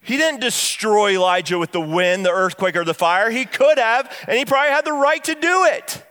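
A man with a notably high voice preaching a sermon in church. He leans hard on slow, emphatic lines, sinks into hushed low tones on key phrases, then rushes through his stories. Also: lively intonation, long reverb tail. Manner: bursts of quick storytelling between slow, stressed lines. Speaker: pastor.

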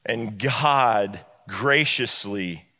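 Bright-voiced preacher in an echoey hall. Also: male voice, on the low side, extremely slow. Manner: animated storytelling, acts out the characters. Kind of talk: sermon retelling a Bible story.

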